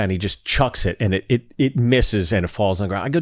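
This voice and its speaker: A man's voice: fairly low pitch, a little fast, dry recording. A middle-aged man telling a comedic story as a guest, acting out the dialogue with energy. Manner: animated, acts out dialogue.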